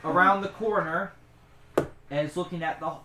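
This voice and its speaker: Relaxed game master, storytelling, mid pitch, echoey room, faint hiss. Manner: relaxed storyteller, quick asides. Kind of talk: narrating a tabletop game.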